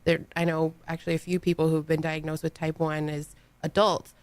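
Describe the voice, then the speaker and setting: Woman educator guest, low smooth voice, plain explainer. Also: flat delivery, brisk, no room sound. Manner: clear, matter-of-fact explaining. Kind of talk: explanatory radio interview. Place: radio studio.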